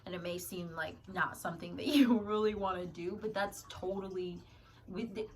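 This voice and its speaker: A woman doing a casual tarot reading, chatty and often stumbling and correcting herself, with quiet murmured asides as she pulls cards. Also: on the low side, normal speed, slight background noise. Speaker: tarot reader.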